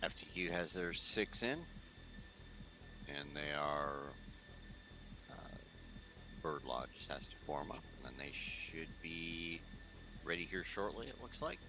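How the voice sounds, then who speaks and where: A man co-commentating a live match, relaxed and analytical in how he breaks down the play. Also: low voice, slow pace, long pauses, over music.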